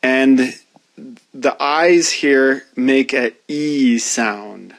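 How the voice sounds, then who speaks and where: A man teaches pronunciation at an unhurried pace, spelling out each sound with care. His voice sits at a middle pitch, and the recording is dry and close. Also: dry recording. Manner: slow, deliberate, demonstrates sounds. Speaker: language teacher. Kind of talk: pronunciation lesson.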